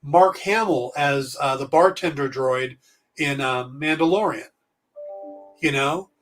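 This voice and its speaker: Male podcast co-host, casual and opinionated, higher-pitched, slightly distant from the mic. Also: slow, a bit bright, faint music behind. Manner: chatty, opinionated, rambling with fillers. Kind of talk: casual chat.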